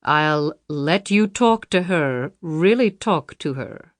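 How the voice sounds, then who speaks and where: A woman reading an audiobook, voicing a male kidnapper villain who talks slowly and pleasantly with mocking menace. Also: deep voice, animated, fairly bright tone, no room sound. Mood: threatening. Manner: pleasant, slow, taunting menace.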